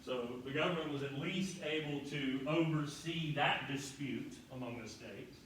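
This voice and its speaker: A man's voice: medium pitch, normal speed, fairly bright tone. A man, a history professor, giving a classroom lecture in a casual way, with salty asides and rhetorical questions to his students. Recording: very echoey room, far from the mic, faint noise.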